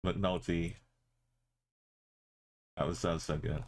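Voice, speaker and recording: A man with a very low voice gives casual live-stream commentary while playing, speaking slowly with a flat delivery. He mutters half-finished thoughts to himself, then turns to his viewers to muse and chat in a loose, easy way.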